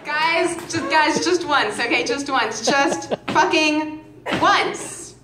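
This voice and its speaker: A woman in her twenties from Massachusetts doing a stand-up set on a music hall stage, with deadpan delivery and stammering restarts. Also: high voice, slow pace, very noisy. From Massachusetts, outside Boston. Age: 20s. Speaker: stand-up comedian opening act. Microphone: stage microphone. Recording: echoey club recording with loud crowd. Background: audience laughing.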